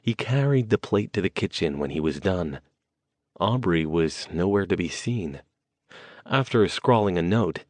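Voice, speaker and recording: A man narrating an audiobook in a measured storytelling manner. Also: low-pitched, lively intonation, no echo. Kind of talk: scripted narration.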